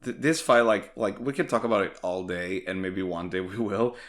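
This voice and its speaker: Deep-voiced man gushing casually. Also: moderate pace, fairly bright tone. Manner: enthusiastic, swears, many "like" fillers. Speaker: podcast co-host. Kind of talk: casual anime discussion.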